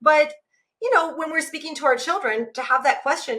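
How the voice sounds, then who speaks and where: A woman in her forties talking casually about parenting as a guest, animated and acting out the voices she uses. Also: high-pitched, a little fast. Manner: animated, acts out her own inner voice. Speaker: guest, self-compassion teacher. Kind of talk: casual podcast conversation.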